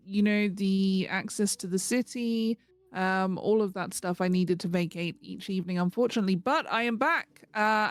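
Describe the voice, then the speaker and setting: A woman's voice: mid-range voice, no echo. A woman playing her character in a tabletop game, speaking in hesitant, formal phrases full of fillers. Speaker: player.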